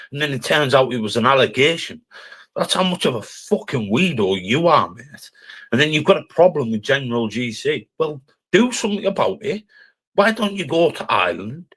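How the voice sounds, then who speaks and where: A man's voice: mid-range voice, fairly bright tone, husky. A man with a Cumbrian accent, ranting through a live-stream roast in an aggressive, sweary, taunting way. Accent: Cumbrian English. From Cumbria, England.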